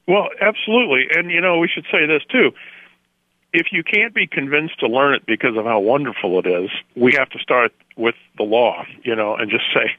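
A man's voice: mid-range voice, dry recording. A man from Florida, a guest in a theological radio discussion, speaking emphatically and laughing readily. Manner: emphatic, animated, quick to laugh. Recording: tinny phone line, dry.

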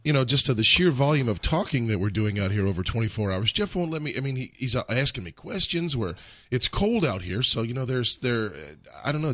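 A radio co-host who is losing his voice and talks in halting, rambling bits while broadcasting outdoors in the cold. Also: on the low side, no echo. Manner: rambling, halting, many restarts. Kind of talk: live radio talk.

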